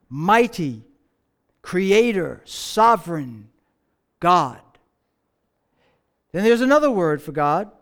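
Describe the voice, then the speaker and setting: High, smooth-voiced male preacher. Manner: conversational preaching with rhetorical questions and repetition. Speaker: pastor. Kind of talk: sermon.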